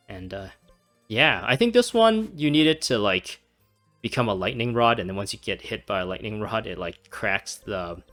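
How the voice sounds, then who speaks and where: A man with a somewhat low voice chats through his gameplay in a loose, rambling way. He laughs often and fills gaps with fillers. Quiet music plays underneath. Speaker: gaming channel host. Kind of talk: casual let's-play commentary.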